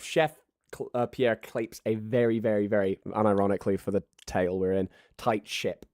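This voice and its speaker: A man narrating a tabletop game as game master, lively and quick to slip into character voices. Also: lowish voice, no echo, clean studio sound. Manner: animated, yelling in character voices.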